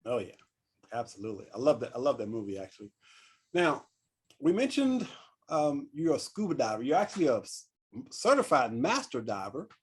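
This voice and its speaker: A man's voice: mid-range voice, very animated, brisk, breathy edge. A man hosting an interview, asking casual questions and reading out the guest's background. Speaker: interview host.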